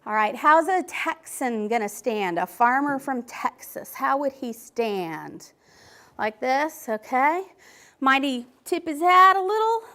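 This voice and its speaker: A woman first grade teacher, coaxing her class along and sounding out letters slowly and clearly, with short asides explaining her lessons. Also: high-pitched, sing-song, bright, forceful tone. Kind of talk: classroom teaching and interview commentary. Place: elementary classroom.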